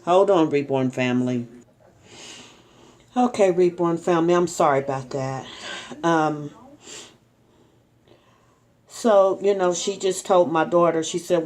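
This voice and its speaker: A middle-aged woman vlogging at home, chatting to her followers in a rambling, story-telling way with ums and soft laughs. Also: deep voice, a little slow, long pauses. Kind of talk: casual chat to camera.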